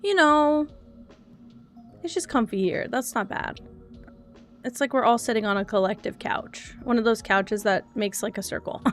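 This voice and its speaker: Young woman, casual livestream chat, fairly high voice, soft music underneath. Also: normal speed, pauses often. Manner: chatty, soft-spoken, laughs often.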